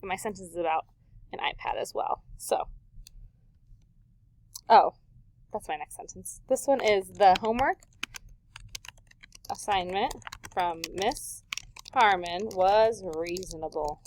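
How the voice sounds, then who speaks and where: A woman teaching a recorded vocabulary lesson to young students, patient and clear, drawing words out slowly for the class to repeat and checking in often. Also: mid-range voice, darkish tone, slight background noise. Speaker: elementary school teacher.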